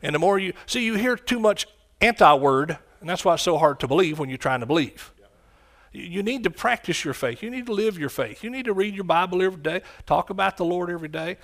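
A man preaching a sermon, swinging from quiet, low lines to loud, shouted ones. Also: lively intonation, brisk. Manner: impassioned, rising to shouts and dropping low.

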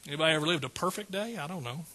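A man's voice: a little high, lively intonation, racing, pushed and bright. A male preacher giving a folksy sermon and calling out questions to his congregation.

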